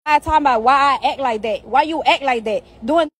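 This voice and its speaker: A woman's voice: high-pitched, brisk, fairly bright tone, slightly rough. A woman outdoors, venting to her followers in a heated, profane, repetitive rant. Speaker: social media personality.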